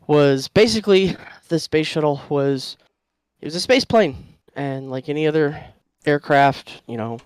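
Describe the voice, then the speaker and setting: Podcast panel guy, smooth voice, rambly and halting, lots of ums, dry close mic. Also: medium pitch, no room sound. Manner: rambling, halting with many fillers and restarts. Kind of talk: casual chat.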